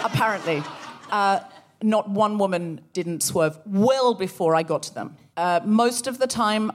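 A woman co-hosting a live comedy podcast, telling a story with animated energy and acting out the voices of the people in it. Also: lowish voice. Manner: animated, acts out quoted voices. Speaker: podcast co-host. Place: live theatre show.

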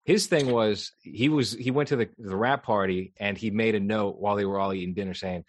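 A man's voice: on the low side, a little fast. A man hosting a podcast in casual chat, dry and teasing. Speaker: podcast host.

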